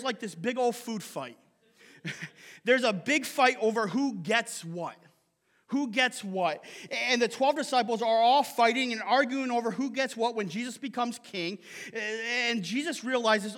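A man's voice: very high voice, normal speed, fairly bright tone. A male pastor preaching a casual, conversational sermon, often checking in with "right?" and laughing between points.

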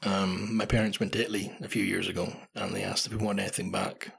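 Guy in his 30s rambling on his podcast, low gravelly husky voice, swears a lot, kind of cheeky. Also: little pitch movement, fast, fairly bright tone. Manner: chatty, swears freely, self-mocking. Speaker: podcast host. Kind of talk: casual solo podcast storytelling.

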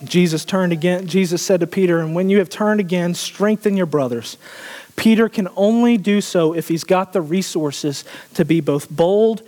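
A man's voice: sits high, dark tone, big-room sound. A man preaching a sermon, asking the congregation questions and often laughing. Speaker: pastor.

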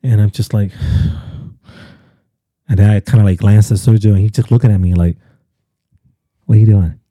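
A pastor guest on a podcast telling a personal story in casual chat, animated and acting out quotes with lots of fillers. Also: male voice, fairly low pitch, moderate pace, dry recording, studio quality.

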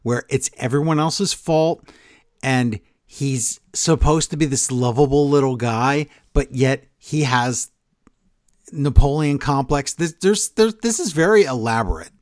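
A man co-hosting a podcast, chiming in on a wrestling recap with quick reactions and wry agreement. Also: medium pitch, no room sound, clean studio sound. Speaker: podcast co-host. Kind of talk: casual wrestling recap chat.

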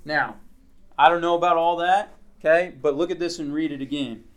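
This man's voice is on the high side with fairly even intonation as he teaches a Bible lesson to a small group. He reads scripture aloud at a slow pace, then talks through its meaning casually, often asking "okay?".

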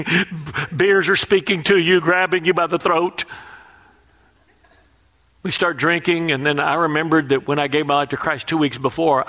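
Animated preacher man, slightly high voice. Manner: animated storytelling, asks audience questions. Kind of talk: sermon.

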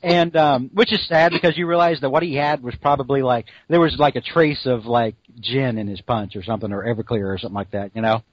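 A man's voice: medium pitch, fairly even intonation, fast talker, hardly any pauses, dry recording. Rambling podcast co-host, male, dry slightly muffled mic, jokey recap. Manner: rambling, jokey, full of fillers. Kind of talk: casual comic-book podcast chat.

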